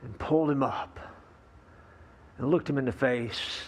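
A man's voice: medium pitch, a little slow, pauses often. Folksy storytelling male pastor. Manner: folksy storyteller with relaxed fillers and asides to the congregation. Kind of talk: sermon.

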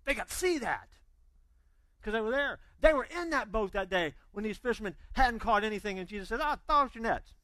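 A man preaching a sermon, telling stories with energy and acting out the quotes, then dropping to quiet intensity. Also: sits high, a little fast, no room sound, poor audio. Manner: animated storytelling, acting out quotes. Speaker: pastor.

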